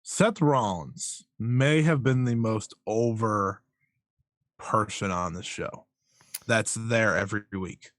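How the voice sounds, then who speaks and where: Male podcast co-host, unhurried delivery, dry close sound. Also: fairly low pitch, dry recording. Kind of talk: casual wrestling podcast chat.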